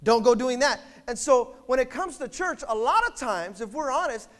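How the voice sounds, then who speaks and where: A pastor preaching a sermon in church, emphatic, leading call-and-response with the congregation and swinging between loud bursts and quiet asides. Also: male voice, very high-pitched, lively intonation, normal speed.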